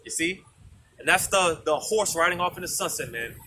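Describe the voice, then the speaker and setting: High-voiced male street preacher. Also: lively intonation, moderate pace, sharp tone, rough recording. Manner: peppers talk with "man" and "you know"; reads scripture aloud in King James wording. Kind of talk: outdoor street sermon. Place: outdoors on a street. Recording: street noise and passing vehicles.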